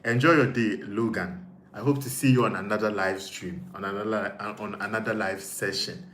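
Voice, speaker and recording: A man's voice: fairly low pitch, fairly even intonation, moderate pace, fairly bright tone. Ghanaian man in an echoey room. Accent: Ghanaian English. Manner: hesitant, repeats words, thinks aloud. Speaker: live stream host. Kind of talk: casual live-stream chat reading comments. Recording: echoey room with faint noise.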